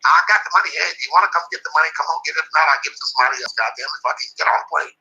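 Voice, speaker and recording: A man impersonating a gruff, impatient older male boxing trainer who barks profane orders. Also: a little high, rapid-fire, sharp tone, muffled recording, slight background noise, exaggerated voice. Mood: demanding.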